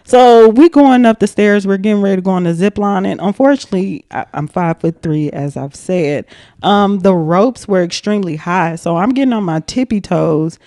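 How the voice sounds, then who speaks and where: A young adult woman, a podcast guest, telling a story casually in an animated, profane way, laughing often. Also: medium pitch, moderate pace, no echo, studio quality.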